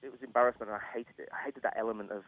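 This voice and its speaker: Bloke, middle aged chef, animated storyteller, dry studio sound. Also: male voice, medium pitch, rapid-fire, no echo, low-quality recording. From England. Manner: animated storyteller, acts out quotes, laughs often. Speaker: chef, radio guest. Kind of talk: casual storytelling interview. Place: radio studio. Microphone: studio microphone.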